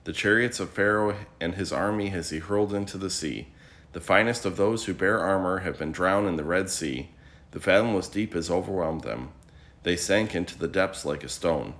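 A man reading morning prayer scripture aloud as a liturgy reader, in a measured, steady recitation. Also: low voice.

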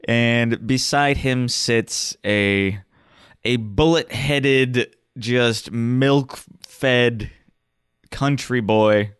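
A man game master narrating a tabletop game in a slow, descriptive way with pauses. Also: medium pitch, a bit bright, clear, resonant tone, no room sound, studio quality.

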